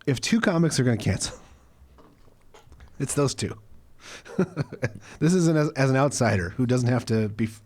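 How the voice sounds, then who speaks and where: Co-host, male, mid-pitched everyday voice, plain and blunt, casual chat. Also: lively intonation, moderate pace, long pauses, a little mellow. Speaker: podcast co-host.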